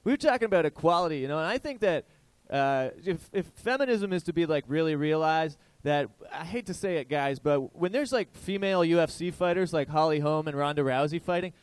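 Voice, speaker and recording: A man's voice: on the high side, fairly quick, few pauses, smooth, dry recording. A man hosting a comedy show, riffing crudely and rambling as he asks the live crowd questions. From Ireland. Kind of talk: stand-up comedy banter with a live audience.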